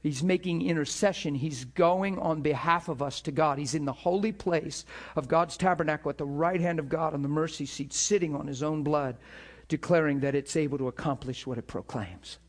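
A man's voice: fairly high pitch, normal speed. A man preaching and teaching earnestly, telling his own testimony with fervent repetitions and restarts. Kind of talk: sermon-style teaching with personal testimony.

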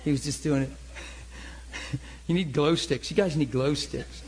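A man preaching in an animated storytelling style, checking in with his listeners with frequent asides. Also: a little high, a little slow, a little hiss or hum, low-quality recording. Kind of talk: sermon-style teaching.

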